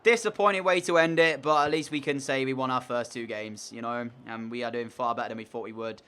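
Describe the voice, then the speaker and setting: A man's voice: mid-range voice, fairly even intonation, a little fast, sharp tone, smooth. A young man commentating on his own video game match in an exasperated, sarcastic way. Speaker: gaming commentator.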